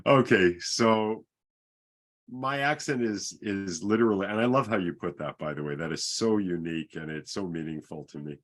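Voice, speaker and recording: A man's voice: low voice, moderate pace. A middle-aged man from Canada, a podcast guest, telling his own story frankly with wry, self-deprecating humor. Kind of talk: candid personal storytelling.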